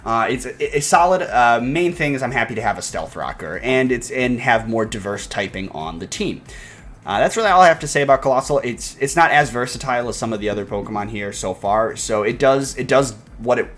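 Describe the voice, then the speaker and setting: A man's voice: mid-range voice, lively intonation, fairly quick, fairly bright tone. A man casually analyzing his game team in a video, enthusiastic and rambling, with frequent fillers and restarts. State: hiccups. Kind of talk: casual commentary.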